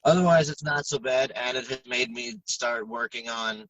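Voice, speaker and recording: A podcast co-host in casual chat, talking frankly and swearing freely with halting restarts, audibly stressed and upset. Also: male voice, mid-range voice, lively intonation, creaky, a bit bright, no echo, far from the mic, lo-fi sound.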